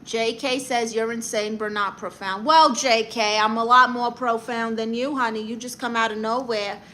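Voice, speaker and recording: Brassy Brooklyn woman with a bright voice. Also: on the high side, fairly even intonation, normal speed. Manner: brassy, blunt and sassy, calls people honey. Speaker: livestream host giving comic advice. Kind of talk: comic livestream chat reading viewer comments.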